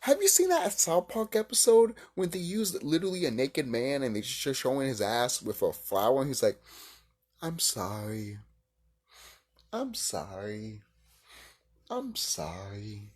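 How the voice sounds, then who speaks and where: A man making a reaction video, ranting with heavy swearing, swinging between heated outbursts and quiet musing. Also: medium pitch, big pitch swings, a little fast, few pauses. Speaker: video creator reacting to a clip.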